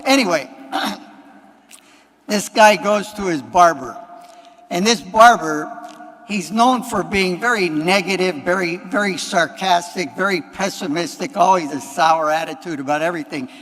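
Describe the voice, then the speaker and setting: High-voiced priest preaching in an echoing church. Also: male voice, measured pace, a bit bright. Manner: plain conversational preaching with repeated phrases and offhand asides. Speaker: Catholic priest. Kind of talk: homily. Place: large church. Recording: long echo of a church hall.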